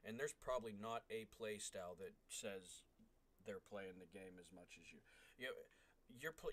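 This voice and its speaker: A man streaming a tank game, ranting bluntly and with some profanity as he plays. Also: on the low side. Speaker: gaming streamer. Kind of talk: gameplay commentary. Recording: game noise loud underneath.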